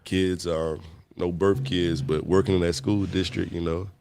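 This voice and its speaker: A man in his twenties from Virginia, a radio guest speaking in an earnest, measured way. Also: deep voice, steady tone, creaky, noisy background. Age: 20s. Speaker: guest, mayoral candidate. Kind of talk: interview talk.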